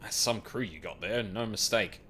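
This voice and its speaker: A man voicing a roguish male sky pirate captain with a deepened, rough pirate voice while reading game dialogue aloud. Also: moderate pace, sharp tone, slight background noise. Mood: wry.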